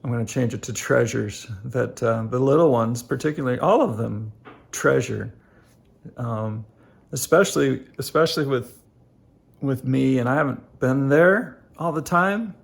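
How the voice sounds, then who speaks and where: Man, middle-aged, heavy vocal fry, mid-pitched, casual reflective talk, halting with fillers. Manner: halting, many fillers and restarts; earnest, addresses viewers directly. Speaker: family life vlogger.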